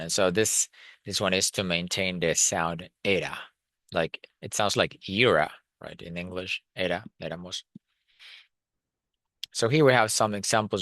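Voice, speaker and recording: Male language teacher, deep crisp voice, dry close sound, explains with many fillers. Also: moderate pace, sharp tone, no room sound. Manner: thinks aloud with frequent fillers and restarts, switches between Spanish and English. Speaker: Spanish teacher. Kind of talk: explanatory lesson, reading notes and translating.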